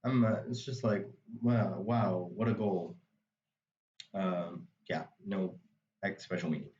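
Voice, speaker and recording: A man's voice: low-pitched, fairly even intonation, slow, a little mellow, reverberant, far from the mic, highs cut off. A man teaching a language, explaining a reading passage step by step in a patient way with many asides. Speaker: Arabic dialect teacher.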